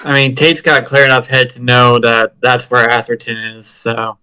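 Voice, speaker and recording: A man's voice: mid-range voice, little pitch movement, normal speed, bright, forceful tone, clean tone, no echo, poor audio. A man talking as a tabletop game player, describing his character in the third person.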